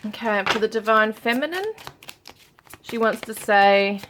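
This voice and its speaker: A woman's voice: fairly high pitch, animated, a little slow, fairly bright tone, slight background noise. Musing woman giving a tarot reading. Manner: musing, reads card messages aloud with many fillers. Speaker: tarot reader. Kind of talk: casual tarot reading for viewers.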